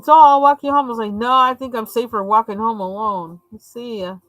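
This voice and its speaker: A woman's voice: a little high, steady tone, a little fast, a bit bright, no room sound, rough recording. A woman from the United States hosting a live coloring stream, chatting casually, laughing often and acting out the lines she quotes. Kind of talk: casual storytelling chat.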